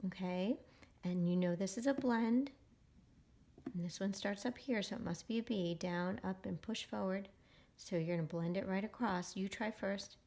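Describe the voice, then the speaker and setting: A woman leads a phonics lesson for young readers and speaks at a middle pitch. She is patient and encouraging. She stretches each word out slowly so the children can read along. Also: warm tone. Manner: patient and encouraging, reading words slowly aloud. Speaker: reading teacher.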